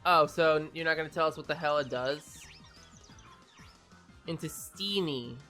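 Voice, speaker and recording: A gaming YouTuber who just woke up gives an excitable, swearing reaction to a game trailer and stumbles over new names. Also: mid-range voice, unhurried, faint music behind. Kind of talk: casual reaction commentary.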